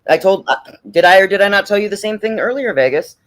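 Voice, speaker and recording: A man's voice: sits high, expressive, quick pace, a bit bright. Blunt, profane man hosting a livestream. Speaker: livestream host. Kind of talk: casual livestream chat.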